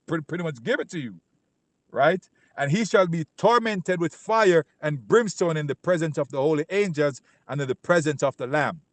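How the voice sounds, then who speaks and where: A man giving an informal Bible teaching. He talks emphatically, keeps asking "right?", repeats himself, and reads scripture slowly and loudly. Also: fairly high pitch, no room sound. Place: Canada.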